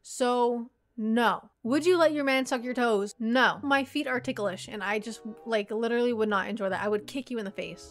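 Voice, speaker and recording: A Canadian woman in her twenties, a YouTuber bluntly answering viewer questions with lots of swearing and jokes. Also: fairly high pitch. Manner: blunt, profane and joking.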